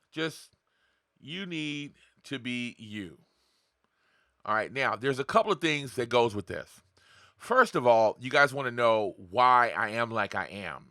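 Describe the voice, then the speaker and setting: A man's voice: mid-range voice, pushed and bright, no echo, clean studio sound. A man hosting his own podcast in a casual, blunt, profane monologue, talking straight to his viewers with rhetorical questions. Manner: acts out voices of others in quotes. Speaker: podcast host.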